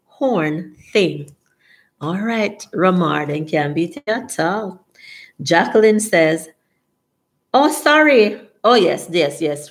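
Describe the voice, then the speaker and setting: Slow-talking Jamaican woman hosting a live stream. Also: fairly low pitch. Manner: chatty, laughs often, reads out viewer names and answers. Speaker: livestream host. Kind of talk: casual live-stream chat, reading viewer comments aloud.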